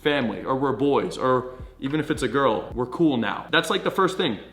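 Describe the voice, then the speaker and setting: A man's voice: medium pitch, animated, normal speed, a bit bright. A man coaching viewers on social confidence, in a blunt, profane, pep-talk manner. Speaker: dating coach. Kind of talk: direct-to-camera coaching monologue. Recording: echoey room.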